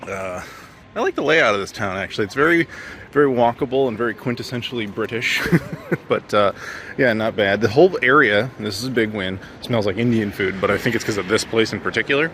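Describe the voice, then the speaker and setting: Man, from the US, travel vlogger, bright voice, joking, street recording, faint noise behind. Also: fairly low pitch, a little fast. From United States. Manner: chatty, joking, rambling with many fillers. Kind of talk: casual walking vlog. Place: outdoors on town streets.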